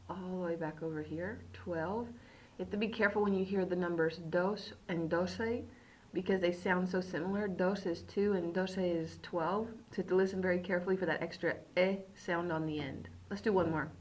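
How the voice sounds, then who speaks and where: A woman teaching beginner Spanish in a recorded lesson. She repeats words slowly and keeps checking in with "okay". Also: on the low side, a little hiss or hum, low-quality recording.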